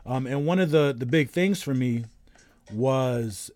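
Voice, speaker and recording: A man's voice: mid-range voice, a little slow, a little mellow, no echo. Easygoing man rambling on a game stream. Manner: rambling, easygoing storyteller greeting viewers. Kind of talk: casual live-stream chat.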